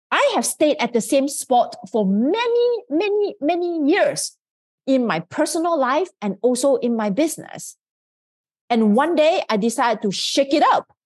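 A woman's voice: fairly high pitch, darkish tone, breathy edge. A woman hosting a podcast, giving an earnest, emphatic motivational talk that coaches her listeners. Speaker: podcast host.

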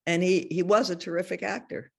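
A woman's voice: lowish voice, steady tone, brisk, creaky, a little mellow, husky. An older woman, a guest in an interview, telling chatty anecdotes and laughing often as she goes. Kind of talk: casual anecdotal storytelling.

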